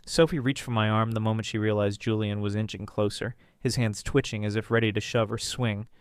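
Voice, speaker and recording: A man's voice: lowish voice, fairly even intonation, a little fast, clear, resonant tone, no echo, clean studio sound. A man narrating a first-person drama story, reading dramatically and jumping into characters' voices.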